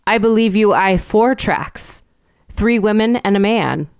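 A woman's voice: mid-range voice, measured pace, a little mellow, clear, resonant tone, no room sound, clean studio sound, voice pushed up, natural voice. Woman doing grave old country shepherd. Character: gruff old rustic male shepherd, grave and superstitious. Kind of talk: storybook reading.

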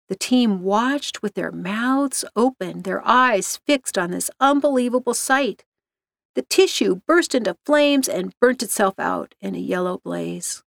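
A woman reading a scripted story aloud in an even, measured way. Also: mid-range voice, gravelly, no room sound, clean studio sound. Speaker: narrator.

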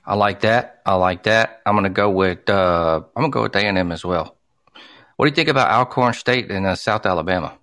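A man's voice: low-pitched, fairly quick, fairly bright tone, no room sound, studio quality. A man co-hosting a casual sports chat, ranting and swearing freely as he makes his picks. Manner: profane, ranting, fired up. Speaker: sports podcast co-host.

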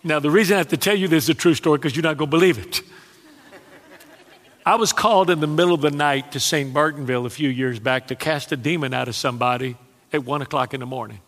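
A man preaching a sermon, telling stories with dramatic pauses and chuckling asides. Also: a little high, fairly bright tone. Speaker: pastor. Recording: long hall reverb.

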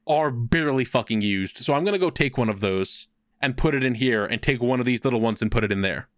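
A young man telling a long anecdote in a casual chat, swearing freely and getting animated when quoting people. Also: mid-range voice, fast talker, no echo, studio quality.

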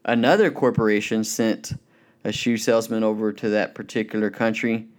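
A man preaching a sermon, telling illustrative stories and slowing down to stress the key points. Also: lowish voice, little pitch movement. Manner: storytelling, emphatic, slows down on key points.

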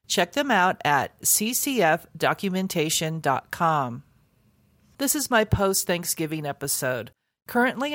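Woman podcast host, lowish voice, dry sound. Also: no echo. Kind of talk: scripted podcast intro and interview.

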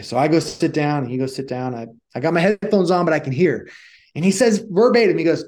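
A man's voice: medium pitch, fast. A middle-aged man who coaches communication, telling stories casually in an interview and acting out the dialogue. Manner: animated storyteller who acts out dialogue.

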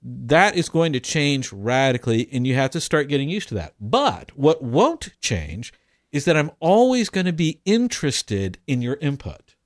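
Man, co-host, casual advice chat, acts out conversations, lively swooping pitch, dry close sound. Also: normal speed, no room sound. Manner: animated, acts out both sides of conversations. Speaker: co-host giving family advice.

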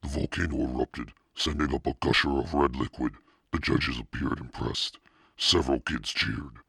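A man narrating a children's novel in a steady, plain way. His voice sits extremely low, with a gravelly, husky grain. The recording is close and dry. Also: moderate pace, dry recording. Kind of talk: audiobook reading.

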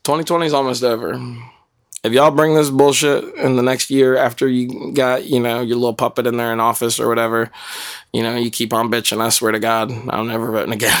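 A man hosting a podcast in casual chat, rambling and heartfelt, swearing freely as he gives shout-outs. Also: medium pitch, level tone, a little fast. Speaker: podcast host.

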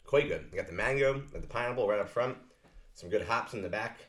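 A man hosting a casual podcast, dry and low-key in manner. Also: lively intonation, quick pace. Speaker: podcast host. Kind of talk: casual chat.

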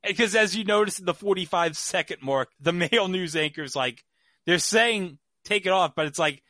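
A man's voice: fairly high pitch, normal speed, bright, forceful tone, no echo. A man hosting a podcast, telling a story in casual chat with lots of fillers. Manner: chatty storyteller, many fillers. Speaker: podcast host.

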